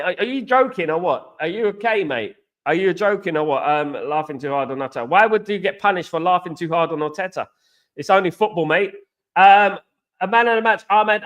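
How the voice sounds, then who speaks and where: English man, young adult, live-stream host, casual chatter to viewers, pitched fairly high. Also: a bit bright. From England. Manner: chatty, keeps addressing viewers as guys and mate.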